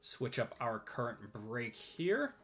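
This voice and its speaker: A man's voice: mid-range voice, huge pitch swings, takes it slowly, faint music behind. A man hosting a live card break stream, chatty and upbeat, reading out names with easy laughs and a slightly strained voice. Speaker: host of a live sports card group break. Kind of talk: casual live-stream chat. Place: at a desk.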